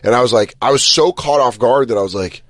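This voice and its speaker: A man's voice: mid-range voice, fast talker, dry recording. A young man co-hosting a podcast, telling stories casually and acting out what people said to him. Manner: animated storyteller, acts out quotes. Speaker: podcast co-host. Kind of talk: casual chat.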